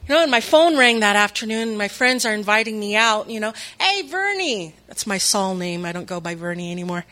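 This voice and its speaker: A woman's voice: mid-range voice, fast, fairly bright tone. A woman telling a personal faith testimony in an earnest, emotional way, acting out the voices of people she quotes. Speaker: speaker sharing her testimony.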